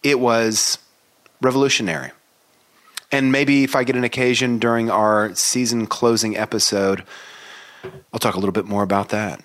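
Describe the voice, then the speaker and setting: A man's voice: medium pitch, fairly even intonation, moderate pace, pauses often, fairly bright tone. A man co-hosting a book podcast, speaking thoughtfully with hesitations and self-deprecating asides. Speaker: podcast co-host. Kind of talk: casual book podcast chat.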